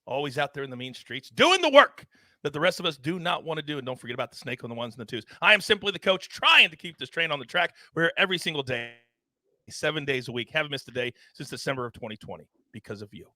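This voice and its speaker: A man hosting a sports betting show, animated and theatrical, swinging his voice up and down for emphasis. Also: fast, no echo, clean studio sound. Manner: animated and theatrical, big swings in pitch and volume. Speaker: host.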